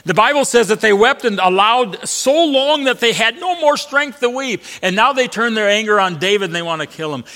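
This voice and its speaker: A man preaching a sermon in a large church, rising to bold declarations and dropping to hushed quotes, leading the congregation in reading aloud together. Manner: swings between booming declarations and hushed quotes; leads congregation in call-and-response reading. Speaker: pastor. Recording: long hall reverb.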